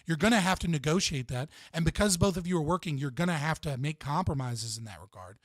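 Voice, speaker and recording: A man's voice: fairly high pitch, animated, quick pace, dry recording. A man giving blunt, profane, rambling relationship advice in casual podcast talk.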